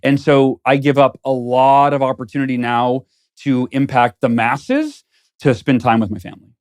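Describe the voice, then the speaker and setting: Brief: earnest male guest, reflective and thinking aloud, mid-pitched, studio interview. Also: normal speed, darkish tone, clear, resonant tone. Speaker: guest author. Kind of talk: casual interview conversation.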